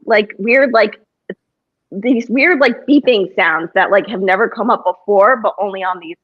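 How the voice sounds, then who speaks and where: A woman's voice: medium pitch, moderate pace, dry recording. Woman, podcast guest, rambling and chatty, dull lo-fi sound. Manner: rambling, with many restarts and fillers. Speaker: paranormal investigator guest. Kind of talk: casual conversation on a podcast.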